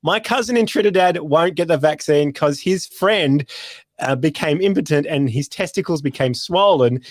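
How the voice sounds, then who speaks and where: Aussie guy hosting a comedy podcast, wry, bit higher voice, close dry mic. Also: no echo. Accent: Australian. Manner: wry, reads segments then laughs along. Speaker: podcast host.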